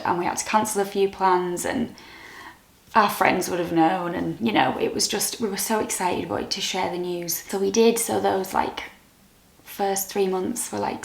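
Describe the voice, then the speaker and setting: British woman, young, vlogging, soft and halting, candid, fry in the voice, echoey room. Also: medium pitch. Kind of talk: personal story to camera.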